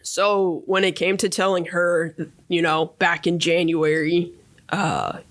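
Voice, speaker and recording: A man in his thirties, a podcast guest, talking through a personal story in a relaxed, reflective way, often checking in with "right?". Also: sits high, slow pace. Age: 30s. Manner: reflective, warm storyteller, many fillers and tag questions. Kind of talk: casual interview storytelling.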